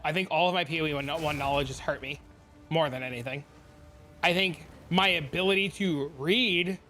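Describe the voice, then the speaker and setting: A man streaming live, chatting and ranting casually to his viewers while reading their comments aloud. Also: on the high side. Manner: animated, ranting, reads chat aloud.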